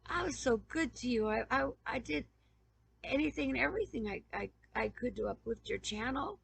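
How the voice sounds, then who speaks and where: On the verge of tears, a woman YouTuber pleads directly to camera, stammering through repeated questions in a personal appeal. The low-quality recording carries her raspy, gravelly voice, which is on the high side, expressive, and at normal speed.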